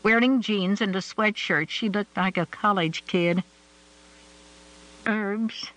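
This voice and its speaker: A man reading a novel aloud in a measured, even storytelling manner. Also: sits high, poor audio. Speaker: audiobook narrator. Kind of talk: scripted narration.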